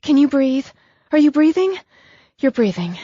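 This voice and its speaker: A woman reader voicing a frightened, earnest young woman who speaks high and breathless. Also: normal speed, darkish tone, husky, no echo, dull audio. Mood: worried.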